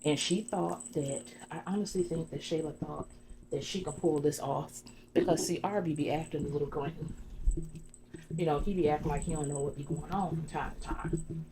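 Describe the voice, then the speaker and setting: A woman's voice: deep voice, fairly even intonation, moderate pace, background noise. A woman doing an ASMR salon role-play, telling gossip as a chatty storyteller full of "you know.". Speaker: ASMR creator.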